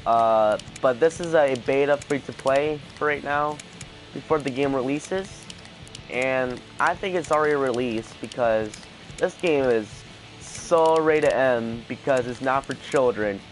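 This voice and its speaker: A man giving casual let's play commentary, panicking out loud and repeating his exclamations. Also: medium pitch, unhurried, soft background music. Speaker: gaming video host.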